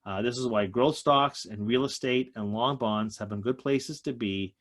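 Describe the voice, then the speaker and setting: A man's voice: medium pitch, moderate pace. A man giving an emphatic economic talk to a group over a video call, slightly out of breath. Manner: emphatic, stresses key points. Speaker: economist guest speaker.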